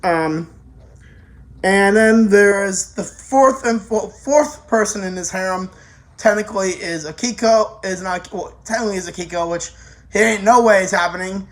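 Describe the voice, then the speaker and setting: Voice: medium pitch, normal speed. Rambling casual anime reviewer. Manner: rambling, with many restarts and casual swearing.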